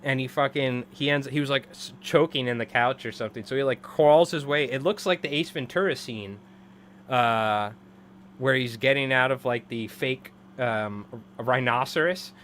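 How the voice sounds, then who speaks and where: A man in his thirties chats loosely to his stream audience as he ties flies, rambling from one thought to the next and breaking into laughter often. His voice sits at an ordinary middle pitch. A faint hum runs underneath. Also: normal speed, fairly bright tone. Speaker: live-streaming fly tyer. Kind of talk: casual live-stream chat.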